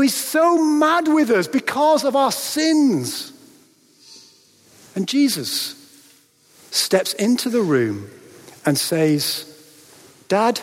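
A man preaching a sermon in a church, dramatic, with rhetorical questions and pauses for effect. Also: high-pitched. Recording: long reverb of a large hall.

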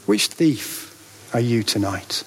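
A man preaching a sermon in a church, dramatic, with rhetorical questions and pauses for effect. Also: medium pitch, lively intonation, husky. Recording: long reverb of a large hall.

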